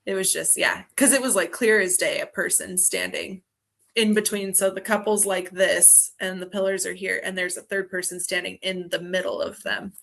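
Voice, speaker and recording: A young woman from Montana, a guest on a video-call interview, telling ghost stories in a lively way and laughing often. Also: lowish voice, moderate pace, creaky. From Montana, USA. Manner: animated storyteller, laughs often. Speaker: guest, film festival organizer.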